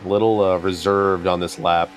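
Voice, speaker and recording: A man's voice: sits low, flat delivery, normal speed, slight background noise, low-quality recording. A man giving dry, analytical remarks as a sim racing commentator. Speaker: broadcast commentator.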